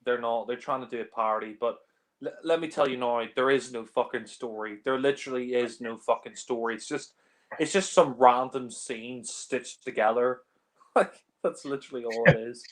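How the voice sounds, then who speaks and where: A man talks over a film in a loose, casual commentary, swearing freely and sounding exasperated. His pitch sits in an ordinary middle range, and he keeps breaking into laughter. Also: moderate pace. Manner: blunt and exasperated, laughs often.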